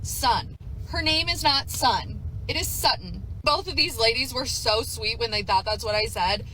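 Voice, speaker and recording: A woman's voice: on the high side, normal speed, bright, forceful tone, a little hiss or hum, low-quality recording. A woman, a mother, telling a story to camera in a chatty, exasperated, self-mocking way. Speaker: mother telling a story in a social media clip.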